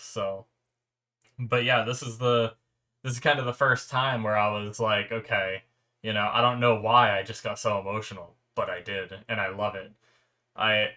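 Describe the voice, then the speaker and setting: A man with a bright, forceful voice, thinking aloud about an episode he just watched. He rambles and restarts often, reaching for the right words, and sounds earnest and reflective. The pitch sits in an ordinary middle range. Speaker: anime reaction host. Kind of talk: casual reaction commentary.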